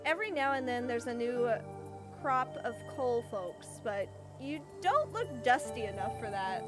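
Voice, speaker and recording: A woman's voice: fairly high pitch, animated, unhurried. Woman putting on a genteel townswoman. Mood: gracious. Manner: gracious, flowery, polite. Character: genteel Southern woman of a small town. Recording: game music behind the voice.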